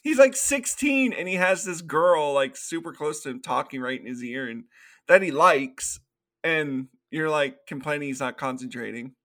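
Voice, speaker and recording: A man with a bright, forceful voice co-hosts a casual podcast. He walks through film scenes and breaks into quick acted-out quotes, laughing often as he goes. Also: fairly high pitch. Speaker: podcast co-host. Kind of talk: casual movie recap chat.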